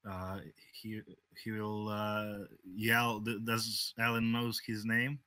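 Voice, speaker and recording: Casting note: bright, hesitant player in a tabletop game, dry close sound. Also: male voice, lowish voice, monotone, dry recording. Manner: hesitant, halting.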